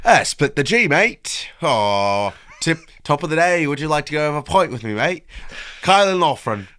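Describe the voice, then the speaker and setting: A man's voice: mid-range voice, steady tone, normal speed, a bit bright, clean tone, lightly acted. A man doing an overdone, jokey put-on Irish pub bloke during a casual chat. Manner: exaggerated jokey put-on accent. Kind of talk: joking impression in a podcast chat.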